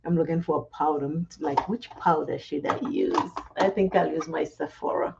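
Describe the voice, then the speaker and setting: A woman's voice: low voice, moderate pace, creaky, background noise. A woman chatting casually and laughing often while she does her makeup for a vlog. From Caribbean. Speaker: makeup vlogger. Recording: dull lo-fi sound.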